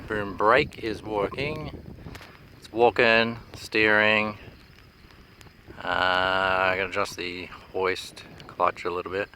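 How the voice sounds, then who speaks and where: A man giving a laid-back, halting walkthrough of an old machine, with many pauses and "uh"s, speaking into a handheld camera inside a running dragline cab. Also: bright, forceful tone. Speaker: machinery restorer. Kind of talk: casual walkthrough narration. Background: faint engine rumble.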